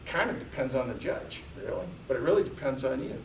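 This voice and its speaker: A man's voice: medium pitch, expressive, a little fast, creaky. Man, seminar speaker, conversational storytelling, roomy echo, distant mic, faint background noise. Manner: conversational, frequent "okay" check-ins. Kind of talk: live seminar talk. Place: seminar room. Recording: echoey room, mic distant.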